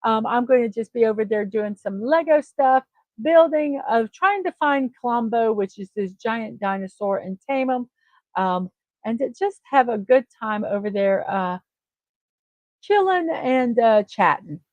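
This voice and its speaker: A woman's voice: a little high, expressive, a little slow, a little mellow, no echo. A woman hosting her own morning livestream, chatting in a friendly way with many ums and uhs. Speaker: livestream host. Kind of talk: casual livestream chat.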